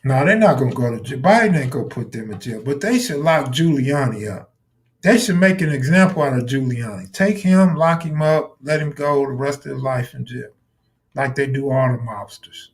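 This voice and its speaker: A man's voice: medium pitch, expressive, normal speed. Blunt, profane man riffing on a live stream. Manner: blunt, profane, talks back to chat viewers. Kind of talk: casual live stream commentary.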